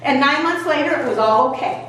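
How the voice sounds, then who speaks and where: A woman's voice: sits high, brisk, noisy background. A woman pastor telling a Bible story to children in a playful, folksy way in a church. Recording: echoey church room from far off.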